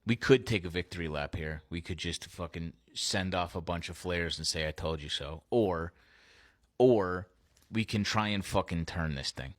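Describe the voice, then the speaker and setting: Man, earnest blunt monologue with cursing; low voice, dry recording. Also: normal speed, no echo. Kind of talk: political monologue.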